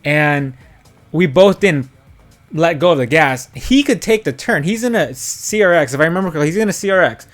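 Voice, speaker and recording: Lively in intonation and a bit fast, this young streamer's higher voice carries a casual, rambling story packed with fillers and quoted dialogue as he plays a driving game, with soft music behind him.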